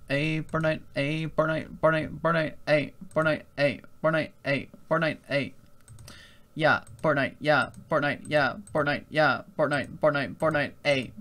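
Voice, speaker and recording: A young man chattering chaotically while gaming, goofy and erratic, jumping from mumbling to yelling. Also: on the high side.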